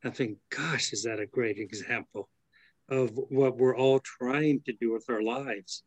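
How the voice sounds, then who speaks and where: A man's voice: medium pitch, fairly even intonation, unhurried, dry recording. Man, thoughtful, reads aloud then reflects, dry close sound, video call. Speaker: study group member. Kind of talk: reflective reading and discussion.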